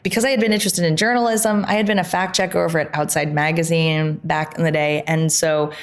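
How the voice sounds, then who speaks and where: A woman guest speaks in a slightly low voice, recounting her past in a casual, animated way. She laughs often and talks with lots of "like" and quick asides. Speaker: podcast guest, founder. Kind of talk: casual interview chat.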